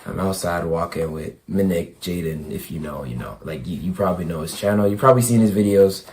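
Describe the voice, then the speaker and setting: A young man with a hoarse, worn-out voice, vlogging casually about basketball. He stammers and repeats himself, and his voice swings from quiet to loud. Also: deep voice, fairly quick. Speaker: basketball YouTuber. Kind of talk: excited casual vlog.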